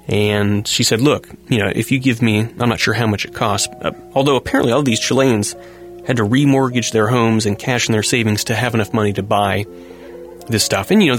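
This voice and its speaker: A man's voice: mid-range voice, fairly bright tone. A man hosting a talk show, commenting casually on news items with a rambling, self-correcting manner and frequent chuckles. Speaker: host.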